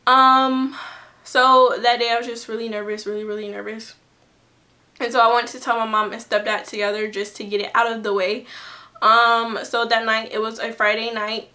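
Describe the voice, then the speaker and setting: Young woman, casual vlog storytelling, slightly high voice, bright tone, lots of fillers. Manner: chatty, many fillers and restarts. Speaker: vlogger.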